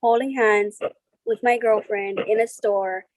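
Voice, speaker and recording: A woman speaking as an interview guest over a video call, slow and halting, getting tearful at times. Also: medium pitch, fairly even intonation, no echo, low-quality recording.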